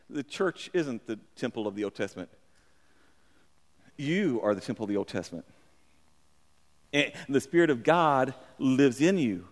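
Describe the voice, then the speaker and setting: A man preaching a sermon in a church on a microphone, talking conversationally with repeated words and sudden shouts for emphasis. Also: on the high side, long reverb tail. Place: church sanctuary. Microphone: handheld or stand mic.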